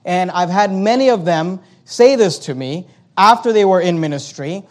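A man's voice: sits high, expressive, normal speed. A man pastor preaching a sermon, explaining scripture word by word, urging listeners to take notes and growing more emphatic as he voices the apostle's words. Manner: expository preaching, repeating key words and urging note-taking; grows louder and more emphatic when voicing the apostle's words.

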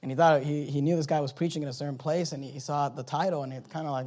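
A man preaching a sermon as pastor in a church, swinging from low, quiet talk to high, loud exhortation, with repeated phrases and stammering restarts. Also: steady tone, racing.

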